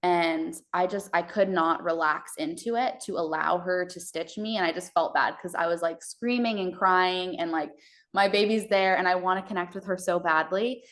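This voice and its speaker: Low-voiced woman telling her birth story. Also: normal speed, fairly bright tone. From Texas. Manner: conversational, many fillers and restarts. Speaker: podcast guest.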